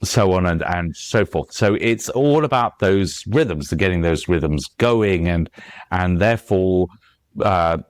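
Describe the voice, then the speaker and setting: A man's voice: low voice, expressive, slow, dry recording. A man being interviewed as a guest author, explaining at length with frequent fillers and restarts, reciting lines of verse and tapping out their rhythms. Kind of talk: conversational podcast interview.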